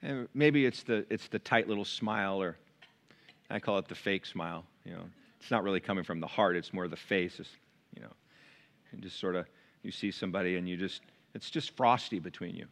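A man preaching a sermon to his church, shifting from quiet, close asides to loud, raised passages. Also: deep voice, brisk, gravelly. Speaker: pastor. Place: church sanctuary.

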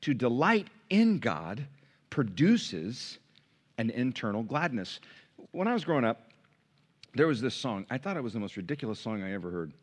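A middle-aged man preaching a sermon as pastor, conversational and animated, with sudden high bursts. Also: moderate pace. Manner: animated, conversational, sings hymn lines.

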